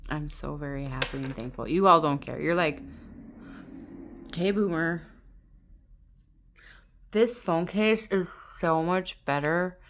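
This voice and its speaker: A woman filming a casual vlog on her phone at home, excitable and gushing, laughing often as she talks. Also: deep voice, moderate pace, hardly any pauses. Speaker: vlogger. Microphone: phone camera on tripod.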